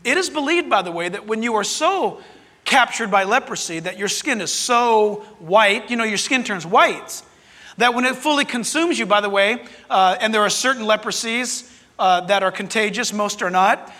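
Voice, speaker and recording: Guy preaching a sermon in church, really high voice, long hall echo, talks straight to the congregation. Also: moderate pace, pushed and bright. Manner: earnest preaching, addresses the congregation directly. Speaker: pastor.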